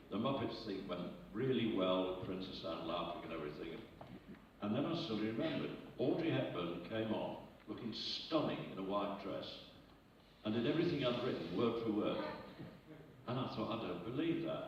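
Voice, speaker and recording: A man's voice: lowish voice, a little hiss or hum. An older man telling chatty, self-mocking anecdotes on a stage, chuckling between stories. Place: arts centre stage before an audience. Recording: echoey, distant, dull hall recording.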